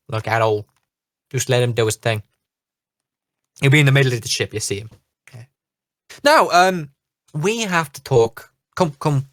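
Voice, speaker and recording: A man voicing a boisterous, rambling ship captain who talks loudly and jovially. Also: mid-range voice, no echo, studio quality, lightly acted. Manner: loud, jovial, rambling, hesitant.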